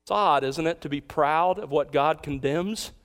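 Emphatic higher-voiced male pastor. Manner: emphatic, repeats key lines slowly for emphasis. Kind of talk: sermon.

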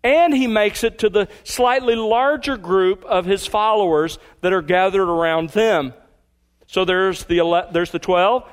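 A man with a high voice delivers a sermon like a teacher. He explains patiently and stretches out the words he wants to stress. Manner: emphatic, teacherly, slows down on key phrases. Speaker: pastor.

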